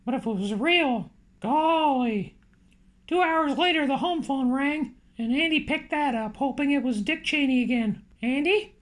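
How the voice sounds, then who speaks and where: A woman with a high, bright voice reads an audiobook aloud. Her delivery is lively and expressive, keeping the story moving. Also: unhurried. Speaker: audiobook narrator. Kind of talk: audiobook narration.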